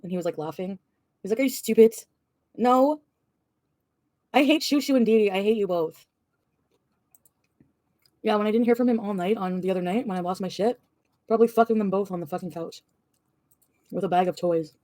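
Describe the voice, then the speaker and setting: A woman's voice: mid-range voice, brisk, pauses often, dark tone, dry recording, studio quality. A woman vlogger venting and ranting, swearing often and rambling. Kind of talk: ranting vlog.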